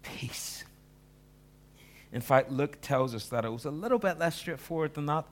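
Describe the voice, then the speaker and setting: A man preaching a sermon, acting out the disciples and moving between hushed lines and loud ones. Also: fairly high pitch, a little fast. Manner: animated, acts out the disciples' voices, swings from hushed to loud. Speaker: pastor.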